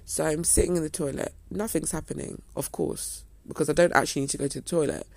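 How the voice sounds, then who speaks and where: Young woman, low gravelly voice, dry close sound, chatty storytelling. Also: fast, dry recording. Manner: chatty, acts out quoted dialogue. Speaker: vlogger. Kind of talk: casual storytelling to viewers.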